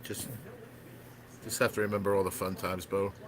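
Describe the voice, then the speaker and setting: A man's voice: sits low, flat delivery, moderate pace. A man in a casual memorial chat, friendly and full of questions. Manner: friendly, asks many questions.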